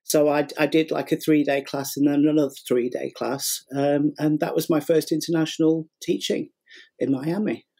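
Rambling storytelling man, husky voice. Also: fairly high pitch, steady tone, moderate pace, dark tone. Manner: rambling, many fillers and repeats, acts out quotes. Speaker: guest, sugar flower artist and teacher. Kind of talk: casual storytelling in a podcast interview.

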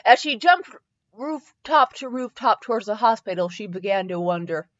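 A woman's voice: fairly high pitch, moderate pace, lo-fi sound. Woman reading fanfiction aloud, stumbling over typos. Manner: stumbles, laughs at typos and corrects herself. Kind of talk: comedic dramatic reading with asides.

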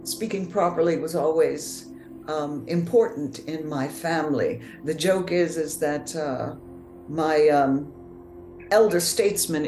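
A middle-aged woman from New Orleans with a Mid-Atlantic accent and proper, measured diction, answering interview questions with pauses and fillers. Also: sits low, darkish tone, roomy sound. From New Orleans, USA. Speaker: actor and author, podcast guest.

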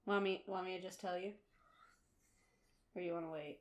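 A woman's voice: fairly low pitch, steady tone, moderate pace. A woman in casual chat, teasing and knowing as she corrects her co-host.

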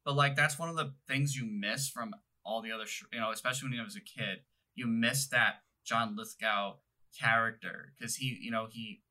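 A man's voice: mid-range voice, steady tone, normal speed, bright, forceful tone, rough recording. A young man co-hosting a podcast, chatting casually about films in a rambling, self-correcting way. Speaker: podcast co-host. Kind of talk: casual film chat.

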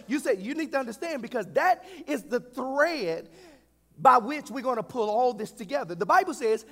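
Male pastor, very high voice, joking sermon, call-and-response, long church echo. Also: sing-song, a little fast, fairly bright tone. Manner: humorous, call-and-response preaching. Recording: echoey hall.

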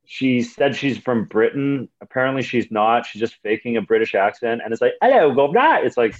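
A young man from Canada, appearing as a comedian guest, speaks briskly in a medium pitch while telling animated, profane, wandering stories in a casual podcast conversation. The recording's high frequencies are cut off.

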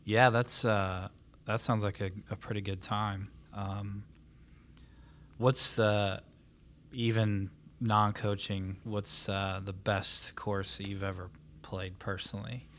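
A man with a fairly low voice asks questions in a casual interview. He hesitates and fills pauses as he talks, and keeps a relaxed, conversational tone.

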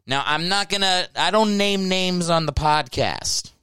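A stand-up comedian in his thirties from Ohio hosts his podcast alone, talking close to the mic in a rambling, joking, profane solo monologue. His voice is high, expressive, bright, forceful, clear, and resonant, with a measured pace, on a dry recording.

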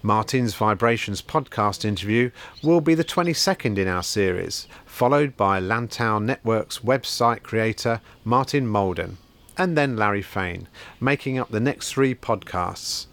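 A man hosting a podcast from his bookshop, reading out shop news and introducing a guest in a measured way. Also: lowish voice, lively intonation, fairly bright tone. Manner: measured, read-out announcements. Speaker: podcast host, bookshop owner.

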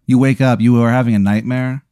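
This podcast host's mid-range voice moves briskly as he rambles animatedly through improvised comedy, dropping into goofy voices along the way. There's no echo, and the studio sound is clean.

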